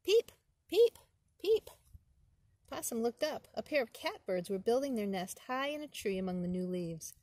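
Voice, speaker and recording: A woman, a preschool teacher, reading a children's storybook outdoors in the woods. She reads in a gentle, clear and expressive way. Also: mid-range voice, a little fast, few pauses, no room sound.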